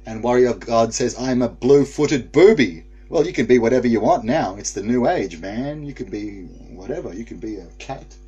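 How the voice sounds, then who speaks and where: A man's voice: mid-range voice, animated, fairly quick, few pauses, mellow, highs cut off, slight background noise. A man hosting a casual live stream, reading viewer comments aloud and laughing often.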